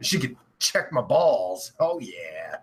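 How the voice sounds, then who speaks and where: A man hosting a crude livestream chat show, yelling, swearing and cackling as he reads comments. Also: on the low side, very animated, slow. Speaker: host.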